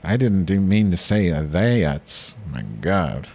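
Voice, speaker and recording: Very deep-voiced man rambling crudely. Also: slow pace. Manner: crude, meandering, deadpan with filler-heavy storytelling. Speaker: podcast host. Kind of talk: rambling comedic monologue.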